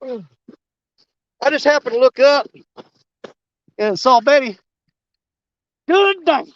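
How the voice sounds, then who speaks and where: A man narrating a fishing trip on a snowy riverbank in a folksy, excitable way, talking straight to his viewers. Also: very high-pitched, extremely slow, no echo, muffled recording. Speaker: fishing vlogger. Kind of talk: casual outdoor commentary.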